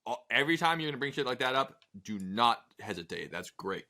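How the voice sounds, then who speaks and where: A man's voice: medium pitch, very animated, brisk, bright, forceful tone. A man co-hosting a casual history podcast, telling the story with jokey, profane asides and acted quotes. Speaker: podcast co-host.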